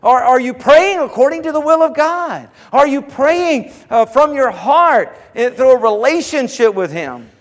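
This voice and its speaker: A man's voice: extremely high pitch, lively intonation, a little slow, hardly any pauses. A man preaching a sermon as pastor, emphatic and repetitive, rising into fervent calls to his congregation. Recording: hall reverb.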